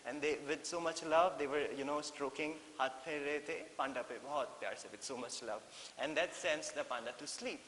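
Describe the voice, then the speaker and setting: A man with an Indian English accent teaching a story lesson, animated and repeating things, mixing in Hindi phrases. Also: on the high side, brisk. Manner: animated, mixes in Hindi, many fillers and repeats. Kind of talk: classroom lesson explaining a story. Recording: echoey room with faint hiss.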